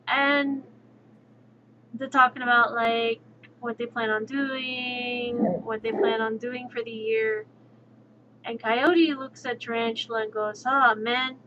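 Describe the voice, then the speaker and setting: A woman streamer telling folk stories casually, slow and thoughtful with many fillers. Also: fairly high pitch, pushed and bright, lo-fi sound, a little hiss or hum. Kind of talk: casual storytelling.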